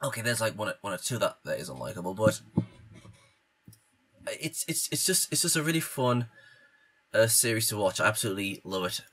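A man with a cold reacting to anime clips in a casual vlog, excitable and stumbling over his words. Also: fairly low pitch, fairly quick, long pauses, husky. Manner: stammering, excitable, restarts often. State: congested from a cold.

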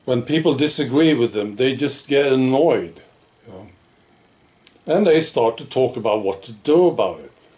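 A man's voice: mid-range voice, animated, normal speed, darkish tone. A man giving a casual opinion monologue to the camera, talking conversationally and dropping frequent rhetorical questions and "right?" asides. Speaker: political vlogger.

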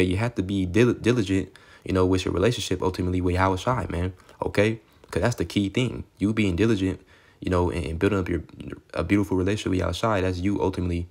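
Deep gravelly guy doing a laid back street sermon, reads verses then riffs, says okay and man a lot, curses. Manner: conversational, repeats "okay" and "man", swears; excitable, sometimes rushes or drops to a murmur. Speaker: preacher. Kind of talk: casual street sermon with scripture reading.

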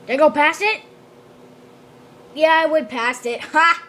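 A woman commenting on her own gameplay, excitable and prone to exclaiming and shouting. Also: high-pitched, a little slow. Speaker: gamer.

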